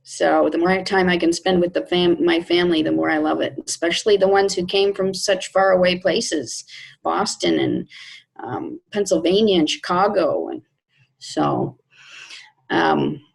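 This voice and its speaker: A woman in network marketing, talking slowly and emotionally on a video call about her team and takeaways. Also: lowish voice, animated, gravelly, husky, low-quality recording. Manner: slow, warm, heartfelt and emotional. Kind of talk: casual video call chat.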